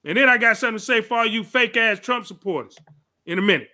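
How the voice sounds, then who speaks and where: A man with a very high, bright, piercing voice hosts a podcast. He rants angrily and profanely about politics, shouting often. His delivery is heated and combative throughout. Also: animated, fast. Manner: angry, shouting, profane ranting. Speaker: podcast host.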